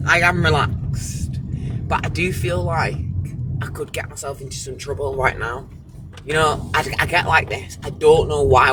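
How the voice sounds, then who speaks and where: A man's voice: on the high side, very noisy. A British man vlogging from a parked car, talking to himself in a rambling, restless way with many restarts. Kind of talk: casual vlog monologue.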